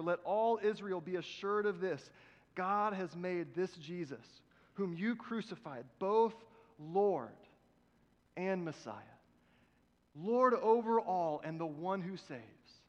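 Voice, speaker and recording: High-voiced preaching man, echoing church. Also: dull audio. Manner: emphatic preaching, swings between loud exhortation and hushed prayerful lines. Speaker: pastor. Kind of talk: sermon. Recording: long hall reverb from a church.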